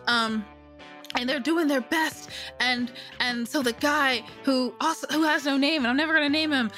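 A woman's voice: high-pitched, moderate pace, sharp tone, soft background music. A woman casually narrating a role-playing scene, sarcastic, profane and rambling. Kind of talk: casual comedic game narration.

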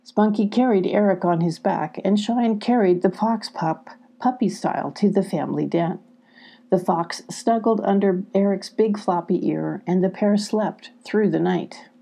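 A woman calmly and gently reading a children's storybook aloud. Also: mid-range voice, unhurried, vocal fry. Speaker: storybook reader. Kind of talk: scripted children's story narration.

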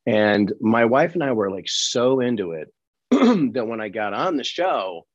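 A man from Colorado, an actor guest on an interview podcast, telling lively anecdotes and acting out the people in them. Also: medium pitch, unhurried, no echo. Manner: animated storyteller who acts out quoted people. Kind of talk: casual interview storytelling. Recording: slightly dull, dry recording.

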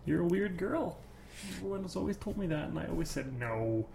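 A man's voice: high voice, lively intonation, a little fast, gravelly, a crowd in the background. A man co-hosting a casual podcast, teasing his co-host and retelling a film's plot in a rambling, joking way. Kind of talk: casual chat.

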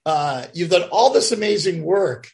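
A man with a high, gravelly voice hosts a relaxed interview. He rambles and stumbles, circling back over his own words before he gets to the question. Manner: rambling, halting, many restarts and fillers. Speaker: interview host. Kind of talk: casual interview chat.

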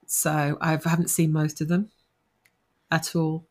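A woman's voice: low-pitched, flat delivery, takes it slowly, darkish tone. A middle-aged woman, co-host of a ghost-hunting podcast, chatting casually and laughing at herself as she tells her story. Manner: laughing, self-deprecating storyteller.

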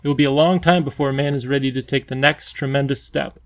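A courteous, anxious professor explaining himself with care, voiced by a male narrator. The voice has a gravelly grain and a dry, close sound. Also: medium pitch, steady tone, fast, dry recording, close to an everyday voice. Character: earnest, polite male professor, a scientist.

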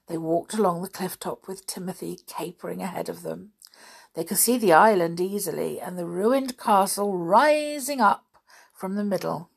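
A woman reading a children's storybook aloud, steady and measured. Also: on the low side, creaky, husky. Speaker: audiobook reader. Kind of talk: storybook narration.

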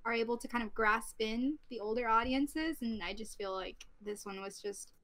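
A woman's voice: a little high, normal speed, a bit bright. A woman co-hosting a podcast in casual chat, talking in a chatty, giggly way. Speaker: podcast co-host.

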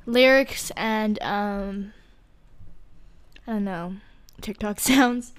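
A woman's voice: mid-range voice, drawn-out words, crowd noise. A young woman co-hosting a podcast, chatting casually and rambling with lots of fillers and giggles. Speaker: podcast co-host. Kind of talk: casual chat.

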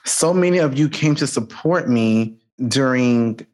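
A man's voice: mid-range voice, a little slow, darkish tone. Chatty man hosting a podcast. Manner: sprinkles French greetings into English, chatty and emphatic. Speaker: podcast host. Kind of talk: casual podcast chat.

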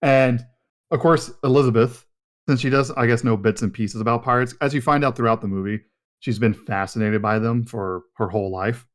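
A man's voice: medium pitch, steady tone, fairly quick. A man co-hosting a casual movie podcast, rambling with fillers and sidetracks. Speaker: podcast co-host.

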